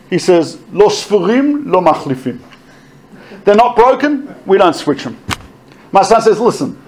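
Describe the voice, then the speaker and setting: A middle-aged man telling army stories to an audience, animated and laughing often as he quotes others. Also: sits high, a little slow. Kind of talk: storytelling talk.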